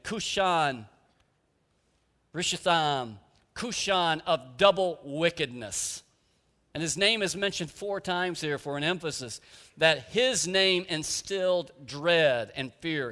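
Pastor guy preaching, bright forceful voice, kinda high, long church reverb. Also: a little slow. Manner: earnest, emphatic preaching with rhetorical questions. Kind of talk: sermon. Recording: echoey hall with long reverb.

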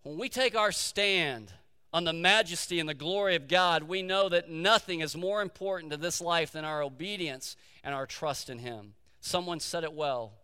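Bright-voiced preacher in a reverberant hall. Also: male voice, fairly high pitch, expressive, normal speed, smooth. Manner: storytelling preacher, repeats key phrases for emphasis. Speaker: pastor. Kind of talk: sermon.

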